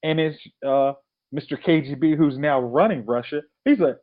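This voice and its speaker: A man's voice: a little high, moderate pace. Man ranting over a tinny phone-like line. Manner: animated opinionated ranting. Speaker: podcast co-host. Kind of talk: casual podcast chat.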